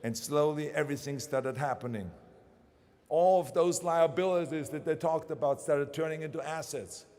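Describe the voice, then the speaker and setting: Commencement speaker: German-accented man in his 60s, punchy and repetitive in his delivery, slightly high voice ringing through a big venue. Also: normal speed, warm tone, long reverb tail. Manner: emphatic, repeats phrases for punch. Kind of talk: motivational commencement speech. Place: large ceremony venue.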